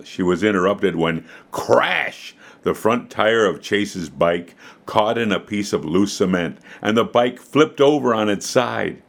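Male host for kids' radio, low voice, expressive scripted storytelling. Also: creaky. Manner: warmly expressive storyteller, slows for emphasis. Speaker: host of a children's devotional program. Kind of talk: scripted narration for children.

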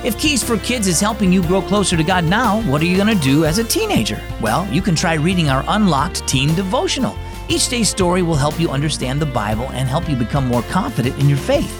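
A man's voice: on the high side, very animated, a little fast, hardly any pauses, music in the background. A man hosting and narrating a children's Christian devotional, reading the story in a friendly, storyteller manner.

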